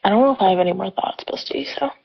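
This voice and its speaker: Woman cohost, raspy gravelly voice, unsure and trailing off, muffled lo-fi sound. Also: medium pitch, racing. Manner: hesitant, trailing off. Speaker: podcast co-host. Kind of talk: casual book discussion.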